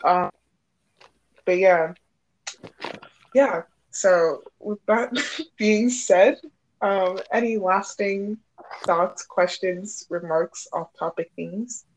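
A woman's voice: mid-range voice, very slow, long pauses, a little hiss or hum, rough recording. A woman hosting a casual chat, rambling and giggly with lots of fillers. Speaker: host.

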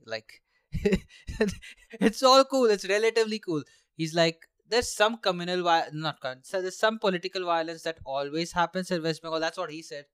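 A man's voice: fairly high pitch, fairly bright tone, clean tone, no echo, clean studio sound. A young man from India hosting a solo podcast at home, rambling sarcastically with swearing and laughs while drinking. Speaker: podcast host. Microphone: handheld mic.

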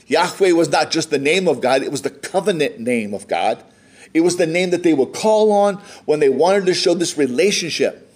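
A man's voice: fairly high pitch, lively intonation, moderate pace, husky. An American man preaching a sermon, reading scripture aloud and explaining it in a conversational way. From United States. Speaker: pastor.

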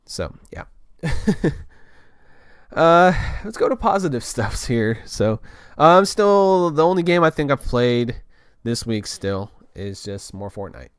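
A man's voice: a little high, sing-song, takes it slowly, clean tone, no room sound, clean studio sound. A young man telling a casual story in a loose, rambling way, full of restarts and filler words.

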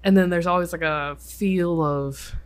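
A young adult podcast co-host telling stories in a casual chat, full of filler "likes" and sudden quick bursts. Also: medium pitch, fairly even intonation.

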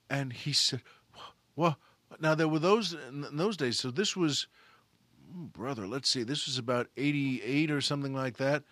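A man telling a comic story, animated and acting out the voices of the people in it. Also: mid-range voice, moderate pace, no room sound.

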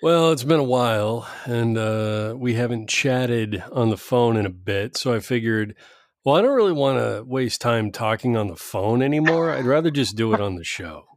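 A man hosting a podcast, telling a story in a casual, profane, animated way and laughing often. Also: medium pitch, normal speed, dry recording, studio quality. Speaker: podcast host.

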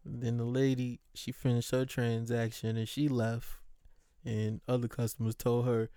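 A man's voice: medium pitch, monotone, a little slow, warm tone, clear, resonant tone, no echo, studio quality. A man who works as a postal clerk, casually telling stories from his workday, swearing freely and mimicking the people he describes.

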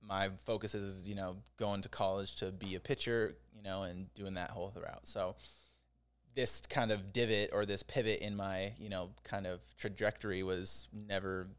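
A man's voice: sits low, little pitch movement, moderate pace, clean tone. A young man telling a personal story in a casual, rambling way, with many fillers and restarts.

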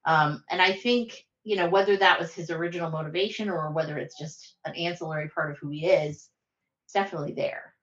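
Low-voiced woman on a dull, roomy line. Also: fairly bright tone. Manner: thoughtful, measured, uses "like" and "I think". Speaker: podcast guest. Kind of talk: casual film discussion.

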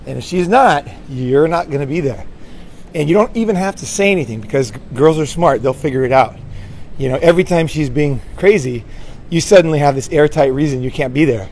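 A man's voice: on the high side, fairly quick, a little mellow, slight background noise. A man giving relationship advice in a rambling casual monologue, often tagging lines with "right?" and restarting his sentences. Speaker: dating advice speaker.

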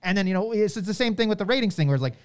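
Woman co-host, opinionated casual rant, very expressive pitch swings. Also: rapid-fire. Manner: animated ranting, acts out quotes in mock voices. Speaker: podcast co-host.

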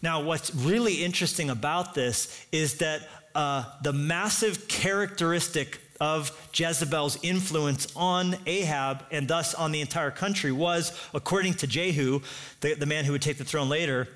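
Brief: energetic male pastor, slightly high voice, tells the story in a sermon. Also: moderate pace.

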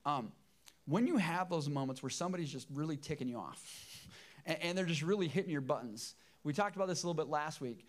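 Middle-aged male pastor, emotional and emphatic sermon delivery, somewhat high-pitched voice. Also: expressive, quick pace. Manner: emotional, emphatic preaching with repeated phrases.

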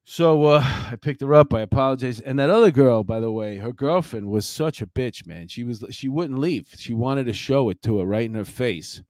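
A man's voice: medium pitch, normal speed, hardly any pauses, a little mellow, no echo. A middle-aged man, a former police officer telling a story in a blunt, rambling way with many fillers. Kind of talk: casual storytelling commentary.

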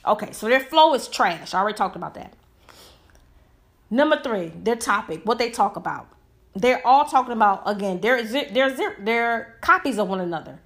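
A woman's voice: on the high side, lively intonation, moderate pace, fairly bright tone. A woman giving a heated, emphatic opinion monologue full of rhetorical questions. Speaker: commentator.

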